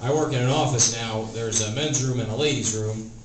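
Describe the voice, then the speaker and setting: A man's voice: medium pitch, brisk. Wry male stand-up comic in a club. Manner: wry, rambling delivery with many fillers. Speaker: stand-up comedian. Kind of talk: stand-up set. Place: comedy club stage. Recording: roomy club recording, noisy, from a distance. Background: audience laughter.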